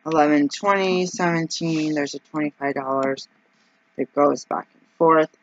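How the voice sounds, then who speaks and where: A woman vlogging casually as she works through her budget out loud, anxious and rambling, with frequent ums and exclamations. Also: sits low, a little slow, dry recording, muffled recording. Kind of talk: casual vlog, thinking aloud over budget.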